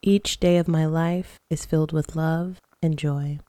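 A woman with a low, mellow voice leads listeners through guided affirmations. She talks slowly and calmly, with a soothing, steady manner. The recording is dry and close. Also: smooth, no room sound. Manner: slow, calm, soothing guidance. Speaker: podcast host.

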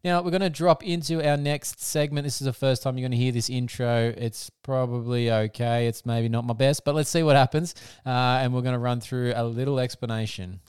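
A man's voice: mid-range voice, steady tone, fairly quick, hardly any pauses, a little mellow, clear, resonant tone, dry recording. An Australian man hosting a motorsport podcast, blunt and casual, laughing often and swearing freely. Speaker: podcast host.

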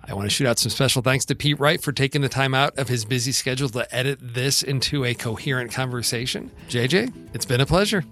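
A man's voice: medium pitch, fast, few pauses, bright, forceful tone, slight background noise. A man co-hosting a film podcast, chatting casually and laughing easily. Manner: laughs easily, upbeat sign-off. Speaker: podcast co-host. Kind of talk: casual chat about films.

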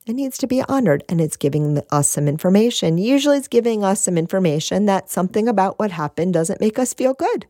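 A woman giving a gentle spiritual talk, repeating phrases and asking "right?", with a soft laugh now and then. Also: medium pitch, expressive, a little fast, few pauses, no room sound, studio quality.

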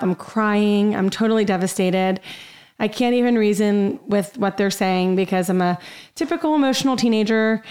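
A woman's voice: mid-range voice, darkish tone. A young woman hosting a podcast, telling a personal story in an upbeat, chatty way with many fillers. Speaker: podcast host.

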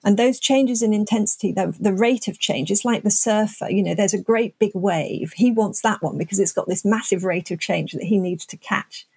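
Husky older woman explaining research. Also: mid-range voice, normal speed, hardly any pauses, a little mellow, no room sound. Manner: thoughtful, explains with analogies. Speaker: neuroscientist guest. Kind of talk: explanatory interview answers.

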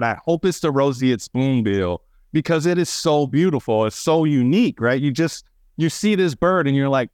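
A man telling stories as a birding guest on a radio chat show, animated and excitable, with lots of fillers. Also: medium pitch, moderate pace, clear, resonant tone, no room sound, clean studio sound. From Wisconsin, USA.

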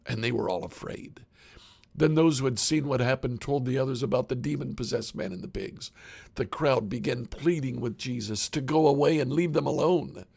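A man reading a Bible passage aloud in a measured, plain way. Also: medium pitch, creaky, slightly rough. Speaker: scripture reader.

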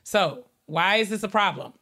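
A woman co-hosting a podcast, calmly laying out background details in casual chat. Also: medium pitch. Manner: measured, reads out details. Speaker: podcast co-host. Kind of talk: casual chat, recounting news.

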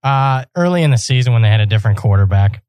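A man on a sports betting panel who answers questions plainly and is quick with figures and stats. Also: mid-range voice, expressive, darkish tone, clean tone, no echo. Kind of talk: sports betting roundtable chat.

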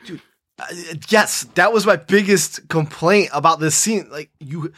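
Laid-back higher-voiced podcast co-host, man. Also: measured pace, pushed and bright. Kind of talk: casual movie-recap chat.

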